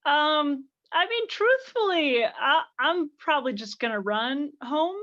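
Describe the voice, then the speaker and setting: A woman's voice: sits high, expressive, slow pace, pushed and bright, dry recording. A woman comedian arguing her side in a casual comic debate, rambling and self-mocking. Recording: dull lo-fi call audio.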